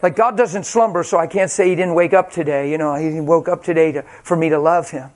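A male preacher telling a personal story in a sermon, animated and self-mocking, acting out the quotes. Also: a little high, a little fast.

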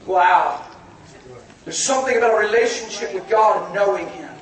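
Folksy male preacher, high voice, laughs and shouts, recorded from afar in a hall. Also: moderate pace. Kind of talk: sermon. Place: church hall. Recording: echoey hall from far off.

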